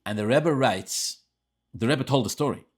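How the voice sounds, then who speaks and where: A man with an Ashkenazi yeshiva-style accent teaching a Tanya class, telling stories and swinging between soft asides and loud, emphatic stretches. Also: medium pitch, moderate pace, husky. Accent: Orthodox Jewish English with Ashkenazi Hebrew and Yiddish terms. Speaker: Torah teacher.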